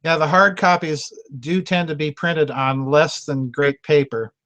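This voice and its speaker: A man's voice: a little high, steady tone, unhurried, a bit bright. A man hosting a members' video chat, talking casually, laughing often and repeating himself as he goes. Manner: chatty and self-mocking, laughs often, repeats words.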